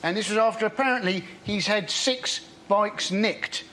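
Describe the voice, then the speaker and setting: A male comedian riffing quickly and incredulously on a panel show. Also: high-pitched, sharp tone, slight background noise. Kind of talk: stand-up style anecdote.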